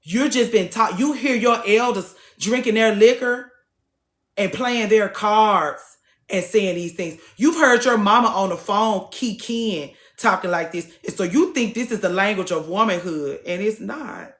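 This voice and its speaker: A woman's voice: medium pitch, unhurried, echoey room. A woman hosting a TikTok live, talking casually to her viewers in a blunt, preachy way and swearing freely.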